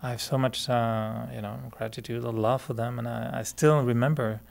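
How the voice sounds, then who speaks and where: A man with a French Canadian accent, a native French speaker, teaching meditation in a relaxed, chatty way, laughing often and restarting sentences. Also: medium pitch, moderate pace, creaky. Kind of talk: relaxed spoken talk to a group.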